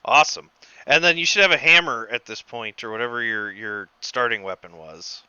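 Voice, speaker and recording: A man running a tabletop game as game master, excitable and quick to laugh at big hits. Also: mid-range voice, clear, resonant tone, dry recording, dull audio. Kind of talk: narrating a tabletop game over voice chat.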